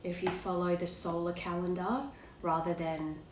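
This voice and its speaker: A woman with a hoarse, cracking voice from being unwell, giving a rambling, hesitant tarot reading to her viewers. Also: lowish voice, flat delivery, moderate pace, roomy sound, a little hiss or hum, rough recording. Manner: rambling, hesitant, many fillers. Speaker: tarot card reader. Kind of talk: casual tarot reading to camera.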